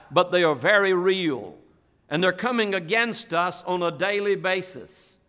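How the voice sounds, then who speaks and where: A male pastor preaching a sermon in a church, with slow, emphatic delivery and repeated phrases. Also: high-pitched, pushed and bright, smooth. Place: church sanctuary. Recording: long hall reverb.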